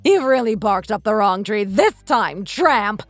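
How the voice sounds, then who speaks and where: A woman's voice: medium pitch, lively intonation, measured pace, no room sound, soft background music, voice pushed down. A woman reading as a scornful bossy mother-in-law. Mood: furious. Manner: scolding, insulting, domineering. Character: spiteful bossy mother-in-law around sixty. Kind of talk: dramatized text-story reading.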